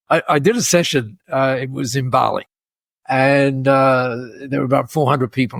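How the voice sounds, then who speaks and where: A man in his later years with a gravelly, husky voice, pitched a little high for a man. He tells stories in a lively, animated way, laughing as he goes and often restarting his sentences. The sound is dry and close. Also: no echo. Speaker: podcast guest, speaker. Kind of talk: storytelling in conversation.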